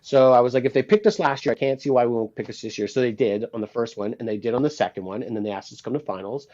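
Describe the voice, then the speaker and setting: Quick-talking man on a dull lo-fi line. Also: mid-range voice. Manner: animated, acts out quoted dialogue, swears casually. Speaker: guest musician, guitarist and producer. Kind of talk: casual interview storytelling. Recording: dull lo-fi sound.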